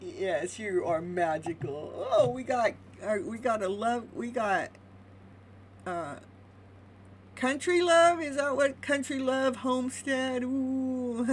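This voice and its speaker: A woman hosting a live tarot reading, chatty and animated, laughing often as she talks to her viewers. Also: on the high side, slow, a little hiss or hum, low-quality recording. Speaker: tarot reader.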